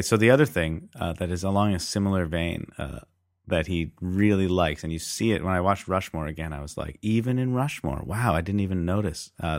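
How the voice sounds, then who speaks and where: A man's voice: deep voice, no echo, clean studio sound. A man co-hosting a casual film podcast, rambling and hesitant with frequent fillers. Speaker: podcast co-host.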